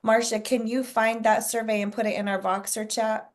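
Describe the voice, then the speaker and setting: A woman's voice: on the high side, flat delivery, moderate pace. Woman coaching her team on a video call. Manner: encouraging, frequent fillers, clears throat often.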